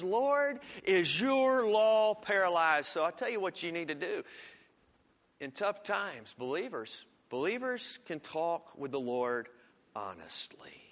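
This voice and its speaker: Preacher guy, loud then hushed, sharp bright tone, big echoey church. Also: sits high. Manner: emphatic, swinging from loud to hushed. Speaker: pastor. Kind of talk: sermon. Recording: long reverb of a large hall.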